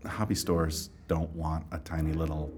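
A man talking casually on a podcast, jokey and animated, breaking into high yelps when he quotes people. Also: normal speed, a little hiss or hum. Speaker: game publisher guest.

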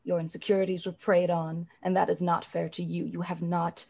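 A woman playing a gentle, earnest elf adventurer. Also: fairly low pitch, level tone, fairly quick, creaky, highs cut off. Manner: soft, earnest reassurance.

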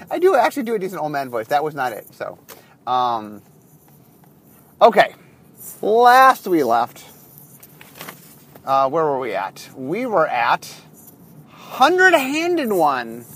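A man's voice: on the high side, huge pitch swings, takes it slowly, pauses often, fairly bright tone. A man hosting a casual solo podcast while driving in his car, rambling with lots of fillers and restarts. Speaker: podcast host.

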